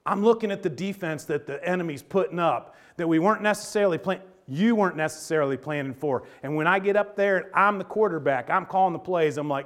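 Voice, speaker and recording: A man preaching a sermon in a folksy, animated way, moving between loud emphatic bursts and quiet low asides. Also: fast, few pauses. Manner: animated, folksy storytelling with sports analogies. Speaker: pastor.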